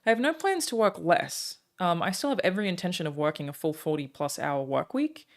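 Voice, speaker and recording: Chatty woman streamer, low voice. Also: very animated. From Australia. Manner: chatty, thanking viewers, frequent "um" pauses. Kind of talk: casual chat with viewers.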